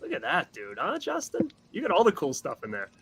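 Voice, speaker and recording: A man hosting a live stream from outdoors at night, excitable and calling out shout-outs to the chat. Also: a little high, a little fast, vocal fry. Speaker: host.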